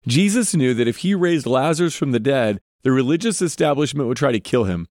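A male podcast host offers earnest devotional Bible teaching, frequently addressing the listener with direct questions. His middle-pitched, slightly mellow voice is animated and brisk, recorded close and dry with no echo or room sound.

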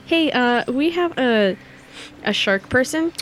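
A woman's voice: sits high, lively intonation, slow pace. Woman rambling thru her in-character call, faint background hiss. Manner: rambling, hesitant. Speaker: player. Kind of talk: tabletop game role-play.

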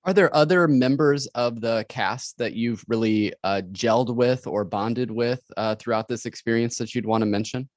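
A man hosts a podcast and interviews a guest. His questions run long and meander, with easy fillers. His voice is mid-pitched and the recording is dry. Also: normal speed, few pauses, no room sound. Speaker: podcast host.

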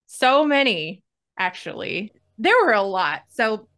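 A woman co-hosting a comedy podcast, easygoing and a little halting as she talks. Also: medium pitch, big pitch swings, fairly bright tone. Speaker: podcast co-host and editor. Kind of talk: casual comedy podcast chat.

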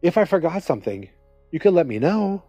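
A man's voice: a little high, very animated, a little fast, warm tone, no room sound, faint music behind. A man hosting a podcast, recapping a television episode in a rambling, conversational way, with many restarts. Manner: rambling, self-interrupting, conversational. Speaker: podcast host.

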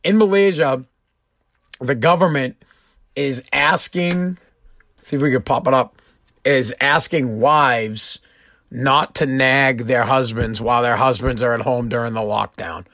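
A man's voice: mid-range voice, unhurried, a bit bright, no room sound, studio quality. A man from Massachusetts hosting a live-streamed show, ranting in a blunt, joking way and swearing freely. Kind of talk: casual rant.

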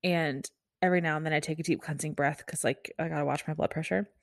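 A woman's voice: low voice, steady tone, fast, no echo, clean studio sound. A young adult woman, a nurse hosting her own podcast, talking candidly and casually with lots of fillers and restarts. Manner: candid, chatty, full of likes and restarts. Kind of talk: casual solo podcast talk. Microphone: podcast microphone.

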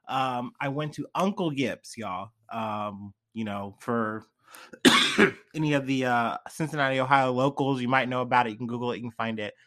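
A young man talks casually to his viewers, a little drunk and high. His talk wanders loosely and is full of fillers and slang. His voice sits at an average male pitch. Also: moderate pace, bright, forceful tone. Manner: laid-back, heavy on fillers and slang. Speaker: vlogger. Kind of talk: casual rambling monologue.

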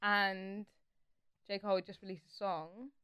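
A young woman, telling stories in an animated, casual chat among friends and swearing freely. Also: medium pitch, a little slow. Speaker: podcast co-host.

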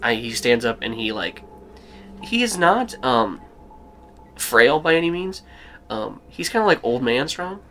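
A man narrating a tabletop game as game master, rambling and halting as he goes. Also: mid-range voice, big pitch swings, fairly bright tone, a little hiss or hum. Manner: rambling, halting, with fillers and laughs.

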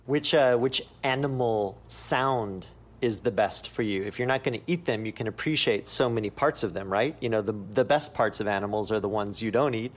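A man's voice: fairly low pitch, moderate pace. Curious male interviewer. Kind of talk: casual interview questions.

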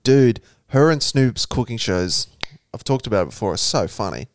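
A man's voice: medium pitch, lively intonation, normal speed, no room sound, studio quality. A man co-hosting a podcast, teasing his co-hosts in casual banter. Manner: playful, teasing. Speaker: podcast co-host.

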